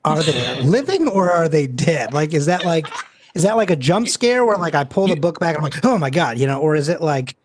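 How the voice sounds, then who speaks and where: A man's voice: a little high, very animated, a little fast, a little hiss or hum. A man playing a tabletop game casually, rambling and interrupting himself. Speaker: player.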